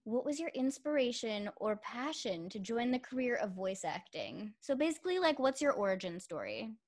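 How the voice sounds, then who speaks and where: A young adult woman hosting a casual interview, encouraging her guest with quick reactions. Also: a little high, sing-song, darkish tone. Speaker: interview host.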